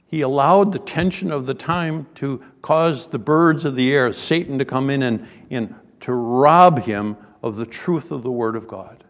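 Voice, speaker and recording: A man preaching a sermon, reading scripture aloud and then expounding it, his voice rising into sudden loud, high bursts. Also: creaky. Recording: long hall reverb.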